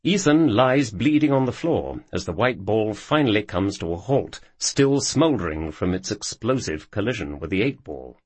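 A man narrating a scripted story with measured storytelling delivery. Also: lowish voice, sing-song, breathy edge, dry recording.

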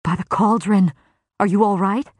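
A woman's voice: medium pitch, fairly even intonation, normal speed, slightly rough, dry recording, close to an everyday voice. A woman reading the lines of an anxious young male fae in an audiobook, urgent and hissing.

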